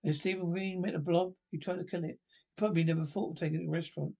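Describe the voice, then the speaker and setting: A man's voice: a little high, fairly even intonation, rapid-fire, creaky, dark tone. A man reading a comedy TV script aloud, voicing every part himself and reading the stage cues plainly between the lines. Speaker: podcast reader.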